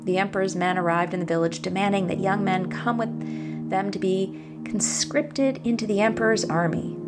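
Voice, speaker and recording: A woman podcast host speaking gently and encouragingly, reflecting and telling a fable, sometimes dropping to a whisper. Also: mid-range voice, steady tone, normal speed. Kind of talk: reflective monologue with storytelling. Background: background music.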